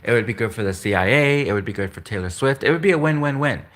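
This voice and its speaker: A man hosts a solo livestream, his voice bright and forceful at a middling pitch. He rambles along, restarting sentences and repeating phrases, and now and then chuckles at his own slips. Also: animated, fast. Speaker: livestream host.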